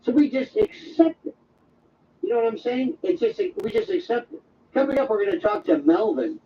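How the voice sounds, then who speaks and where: A very high, lively male voice wanders from joke to joke as an overnight radio host. He talks in a digressive comic monologue and drops into quick impressions. The sound is dull and set back from the mic, with faint noise underneath. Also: far from the mic.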